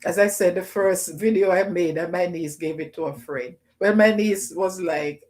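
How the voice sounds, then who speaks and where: A middle-aged woman with a Jamaican accent, hosting a casual livestream and shouting out names from the chat. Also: on the low side, normal speed, few pauses. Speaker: livestream host. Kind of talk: casual live chat with viewers.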